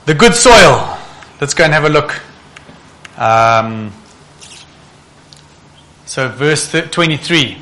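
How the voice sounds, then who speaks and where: A man preaching with a bright, forceful voice that sits somewhat high. He is animated and keeps asking the congregation rhetorical questions. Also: slow, long pauses. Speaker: pastor. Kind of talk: sermon.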